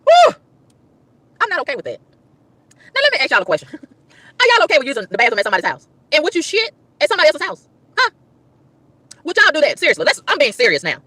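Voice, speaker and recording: A woman ranting to her livestream chat, emphatic and exasperated, with loud whoops. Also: high-pitched, wildly swooping pitch, quick pace, long pauses, dry recording. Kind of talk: casual livestream rant.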